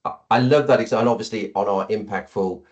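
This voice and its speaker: Low-voiced male podcast host, affirming. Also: fast, darkish tone, muffled recording. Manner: affirming, restarts often, conversational. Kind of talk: podcast interview.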